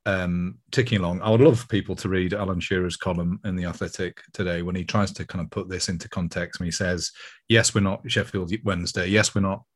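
A man's voice: low-pitched, steady tone, fairly quick. A man hosting a fan podcast, talking in a reflective, rambling way with many restarts. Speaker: podcast host. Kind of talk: casual podcast chat.

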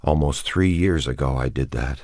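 A man reading an audiobook, voicing a weary, grief-stricken man who speaks haltingly. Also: extremely low pitch, a little mellow, no echo, clean studio sound. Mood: grieving. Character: haunted, grieving lone man, bitter and weary. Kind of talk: audiobook character voice.

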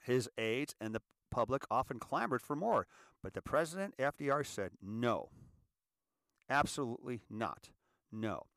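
A man giving a reflective inspirational talk, calling listeners ladies and gentlemen and repeating phrases for emphasis. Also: mid-range voice, no echo, clean studio sound. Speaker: inspirational speaker.

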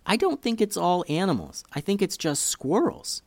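A clever, smug little girl from a children's audio story, teasing her brother in a bright, raised voice. A man puts her on with lively lilts, recorded close and dry. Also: high voice, normal speed, no room sound, pitched above the performer's own voice, heavily acted. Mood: coaxing. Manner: teasing, matter-of-fact.

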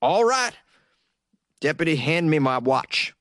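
A man voicing a blustering middle-aged sheriff, loud and mocking. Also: a little high, sing-song, slow, no echo, studio quality, heavily acted.

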